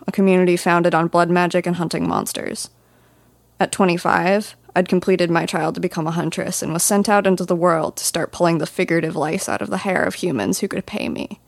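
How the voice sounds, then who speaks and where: A woman's voice: on the low side, creaky, no room sound. A woman narrating a first-person fantasy audiobook in a dry, wry storytelling manner.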